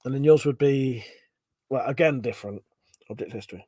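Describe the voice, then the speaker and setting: A man's voice: medium pitch, brisk, dark tone, slightly rough, no room sound. A man hosting a casual livestream, chatting and reading out viewer comments, swearing now and then. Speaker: livestream host.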